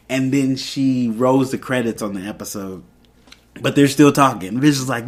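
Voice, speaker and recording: A man's voice: mid-range voice, fairly even intonation, moderate pace. Man casually recapping a TV episode. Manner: rambling retelling with quoted lines. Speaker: podcast host.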